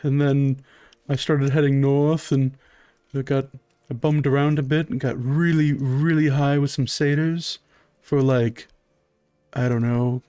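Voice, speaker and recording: A man's voice: mid-range voice, warm tone, no room sound, natural voice. A man voicing a timid male ice cream shop waiter who stammers and sniffles through his apologies.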